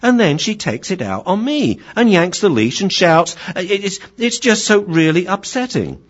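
A man doing a fretful young dog, high and eager. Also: very animated, moderate pace. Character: anxious young male dog seeking advice. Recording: dull lo-fi recording.

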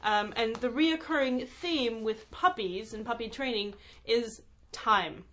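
Soft-spoken teasing woman co-host. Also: a little high, slow. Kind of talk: casual radio chat.

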